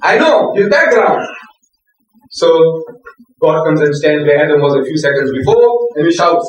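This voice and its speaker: An older man gives an animated lecture, his voice sitting high for a man. He is heard from a distance in a very echoey hall, shifting into put-on voices as he tells his stories. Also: moderate pace, a little hiss or hum. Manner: animated storytelling with laughter and put-on quotes. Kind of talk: religious lecture to students.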